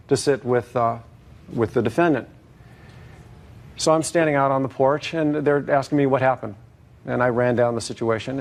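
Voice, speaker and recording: A man giving long, hesitant testimony as a plaintiff in a TV courtroom, full of fillers and restarts. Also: mid-range voice.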